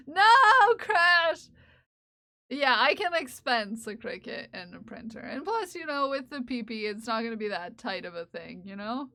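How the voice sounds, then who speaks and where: Playful high-voiced woman streamer. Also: fairly bright tone. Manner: playful, laughing, scolding chat. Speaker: livestreamer. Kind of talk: casual live-stream chat.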